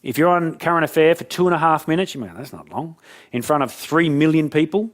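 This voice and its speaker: A man giving a talk, telling jokey stories in an animated way. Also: a little high, fast talker. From Australia. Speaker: motivational speaker. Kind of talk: storytelling keynote talk.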